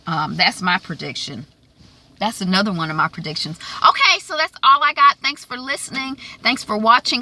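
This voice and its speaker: A woman recapping a TV episode in a chatty, animated way, full of fillers and asides. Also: fairly high pitch, moderate pace, vocal fry, slight background noise. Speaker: TV recap vlogger. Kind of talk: casual recap and predictions.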